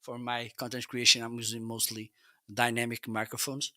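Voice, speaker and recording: A man hosts a relaxed product review livestream, chatting and often checking in with "okay?". His voice is very bright and forward. It is recorded dry and close on a studio microphone. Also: mid-range voice, normal speed, dry recording. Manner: chatty, repeats "okay?", frequent restarts. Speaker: live-stream product reviewer. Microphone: close dynamic studio mic.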